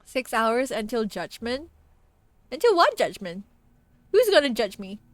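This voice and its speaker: A woman streaming a horror game who reacts out loud, swears freely and reads the on-screen dialogue aloud. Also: a little high, sing-song, measured pace, slight background noise. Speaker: VTuber streamer. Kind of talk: horror game let's play commentary.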